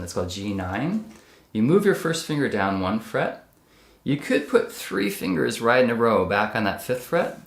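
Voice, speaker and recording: A man's voice: lowish voice, vocal fry. Man teaching ukulele in a roomy space. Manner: patient, explains step by step while playing. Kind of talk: instructional demonstration. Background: ukulele playing.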